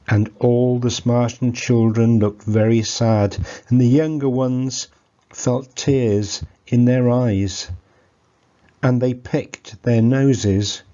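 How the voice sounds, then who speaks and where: Slow, mellow English storyteller. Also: male voice, medium pitch, steady tone, lo-fi sound. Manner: gentle, playful asides. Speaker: church storyteller. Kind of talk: family story reading.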